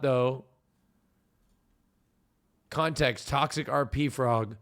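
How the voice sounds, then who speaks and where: A man's voice: mid-range voice, fairly even intonation, slow pace, pauses often, smooth. A man co-hosting a livestream, reading viewer messages aloud and joking about them. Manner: playful, reads messages aloud. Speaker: co-host reading chat. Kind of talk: casual livestream chat.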